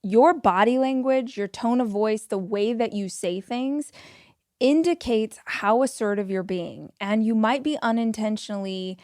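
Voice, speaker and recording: A woman's voice: fairly high pitch, unhurried, darkish tone, dry recording, studio quality. A woman in her forties hosting a podcast, giving firm, emphatic self-help advice in a motivational monologue. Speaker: podcast host.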